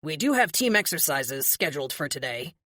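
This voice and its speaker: A woman doing a deep, clipped team leader. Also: big pitch swings, fairly quick, fairly bright tone, no echo, clean studio sound, full character voice. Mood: teasing. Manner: clipped drill-sergeant delivery. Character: young male team leader, dry and commanding. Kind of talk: audiobook character voice.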